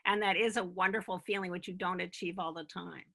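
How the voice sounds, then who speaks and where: Older woman with a bright, gravelly voice. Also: fairly low pitch, fairly even intonation, fairly quick. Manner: wry, laughs at her own stories, teacherly on craft. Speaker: TV comedy writer. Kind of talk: conversational interview.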